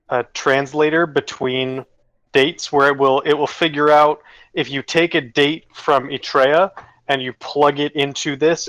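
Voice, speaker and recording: A man narrating as game master of a tabletop game over a video call, casual with quick asides. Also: mid-range voice, fairly bright tone, no room sound, rough recording.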